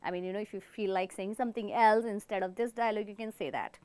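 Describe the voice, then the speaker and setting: A woman's voice: mid-range voice, steady tone, fast talker, darkish tone, smooth, dry recording. A woman from India teaching an online acting class, giving step-by-step instructions and praising her students often. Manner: encouraging, demonstrates expressions with big acted lines. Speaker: theatre teacher.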